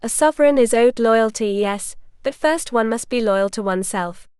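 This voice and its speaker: A woman's voice: on the high side, normal speed, darkish tone, clear, resonant tone, no room sound, studio quality, natural voice. A woman voicing a stern, devoted young medieval nobleman, in a firm, reassuring way.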